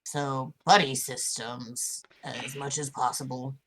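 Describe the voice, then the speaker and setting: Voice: mid-range voice, little pitch movement, takes it slowly, a bit bright. A tabletop game player speaking in character, giving the group careful warnings with many ums.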